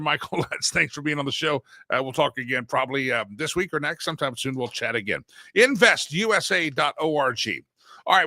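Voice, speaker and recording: Man, talk show host, folksy, chatty, bright tone, dry close sound. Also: on the high side, no echo. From Southern United States. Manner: chatty, folksy, laughs often. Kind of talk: casual live-stream talk.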